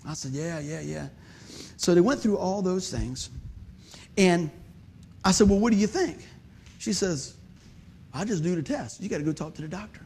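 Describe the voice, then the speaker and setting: A man's voice: high-pitched, a little mellow, a little hiss or hum. A man preaching a sermon, telling a folksy story and joking with the congregation. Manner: folksy, conversational, joking with the audience.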